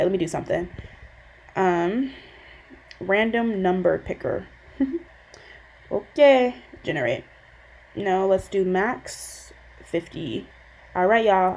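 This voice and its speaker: A woman's voice: mid-range voice, darkish tone, poor audio. A woman of about twenty, candid and emotional, hosting a casual solo podcast on a built-in device mic and swearing casually. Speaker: podcast host. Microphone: built-in device mic, external mic off.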